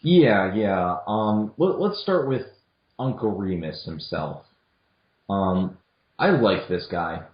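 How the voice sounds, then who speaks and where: A man's voice: low voice, lively intonation, slow. Young man in a roomy lo-fi recording. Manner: hesitant, many restarts and fillers. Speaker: podcast co-host. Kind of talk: casual film discussion. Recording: echoey room, dull lo-fi audio.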